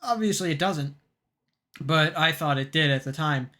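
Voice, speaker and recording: A young man co-hosting a podcast, telling a story in a rambling, halting way with plenty of fillers and restarts. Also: on the high side, pushed and bright. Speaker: podcast co-host. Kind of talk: casual chat.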